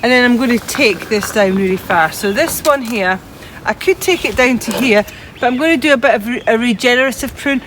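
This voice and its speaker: A woman's voice: on the high side, fairly quick, low-quality recording. Chatty woman gardener outdoors, traffic behind. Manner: chatty and practical, talking while she cuts. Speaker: gardening presenter. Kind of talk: hands-on gardening demonstration. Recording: outdoor recording with traffic noise. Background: steady outdoor noise with passing traffic.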